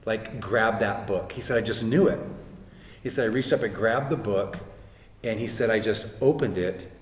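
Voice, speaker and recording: In a roomy hall with faint ambience, a middle-aged guest speaker with a lowish voice talks at normal speed. He earnestly relays a faith story in casual conversation, quoting people throughout.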